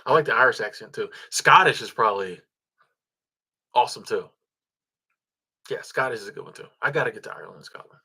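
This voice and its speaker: A man's voice: medium pitch, animated, fairly quick, long pauses, pushed and bright, husky. A man, hosting a casual livestream, reading viewer comments and thanking supporters in a laid-back, chuckling way with lots of ums and restarts. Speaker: livestream host.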